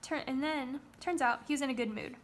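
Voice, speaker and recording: A woman's voice: high-pitched, steady tone, a little fast, slight background noise. A woman teaching Sunday school, retelling a story in a chatty, casual way with playful asides.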